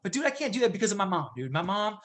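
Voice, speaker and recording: A man's voice: high-pitched, very animated, rapid-fire, a bit bright. A man talking as a guest in a casual podcast interview, upbeat and loose, with lots of "dude" and "like". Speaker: gym owner and podcast guest.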